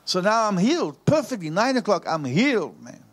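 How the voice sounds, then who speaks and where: A man's voice: high-pitched, very animated, normal speed. A man preaching, telling a story and repeating phrases for emphasis. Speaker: pastor. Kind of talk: preaching sermon.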